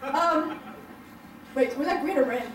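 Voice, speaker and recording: A young woman tells comic stories on a stage, her high voice wandering through fillers and bursts of laughter. She is heard from a distance in a roomy hall, with a faint murmur of the room behind her. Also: measured pace, a little hiss or hum. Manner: rambling, filler-heavy storytelling with frequent laughs. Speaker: stand-up comedian. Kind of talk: stand-up comedy set. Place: hotel event room before a live audience. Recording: roomy, distant live-show sound.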